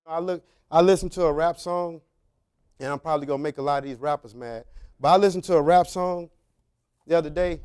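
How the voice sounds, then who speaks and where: A man's voice: high-pitched, a little fast, smooth. A man, a former prison officer, giving a storytelling talk to young men, acting out dialogue in colloquial, loose phrasing. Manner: animated storytelling with acted-out dialogue; colloquial, drawling street phrasing.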